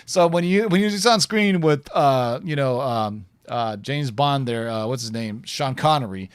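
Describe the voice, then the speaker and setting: A man's voice: medium pitch, a little slow, clean tone, no echo. A man co-hosting a casual live stream, reading viewer questions and rambling with self-corrections and chuckles.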